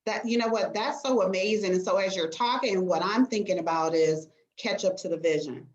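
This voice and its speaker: A woman's voice: medium pitch, fairly quick. A woman hosts a casual interview and keeps her guest going with encouraging murmurs. Her voice comes over a video call from an echoey room, and the sound is dull and lo-fi. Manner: encouraging, with frequent backchannel murmurs. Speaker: interview host.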